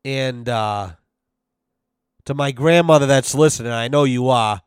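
A man's voice: medium pitch, measured pace, clean tone, dry recording. Podcast host, man, loose rambling anecdotes, resonant voice, dead-dry recording. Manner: rambling, profane, heavy on "you know". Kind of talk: casual storytelling.

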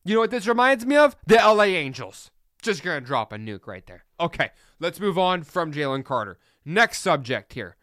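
A man's voice: on the high side, very animated, moderate pace, fairly bright tone, dry recording, studio quality. Fired-up man ranting. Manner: fired-up, blunt, preachy. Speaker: sports podcast host. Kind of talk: opinionated solo podcast rant.

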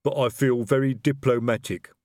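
A man voicing a slow, dim-witted male troll bodyguard who rumbles his words and speaks in earnest, broken grammar. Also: steady tone, darkish tone, dry recording, studio quality, lightly acted. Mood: plodding. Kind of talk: audiobook character voice.

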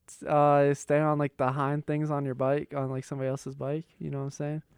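Young man with a Pittsburgh accent, smooth voice. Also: a little high, monotone, brisk, dry recording, studio quality. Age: young adult. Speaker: co-host. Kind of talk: casual chat.

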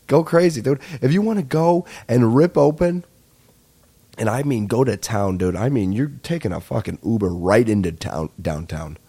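A man, rambling excitedly and swearing through a comedic podcast monologue as host. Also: mid-range voice, a little slow, slightly rough. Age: 20s.

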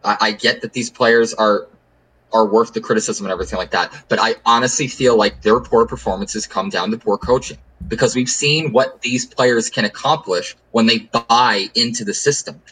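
A man's voice: fairly low pitch, fairly even intonation, normal speed, sharp tone, breathy edge, low-quality recording. A man hosting a casual sports podcast, making his point with emphatic, repetitive phrasing. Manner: emphatic, repeats words while building an argument. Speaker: podcast host.

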